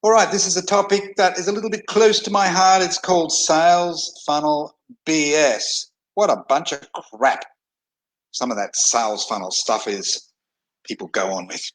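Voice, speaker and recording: A man's voice: fairly high pitch, moderate pace, poor audio. A man, an internet marketer, talking to camera in a blunt, rambling way from his desk, repeating himself and restarting phrases. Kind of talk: casual talking-head monologue. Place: indoors at a desk in a hot tropical climate.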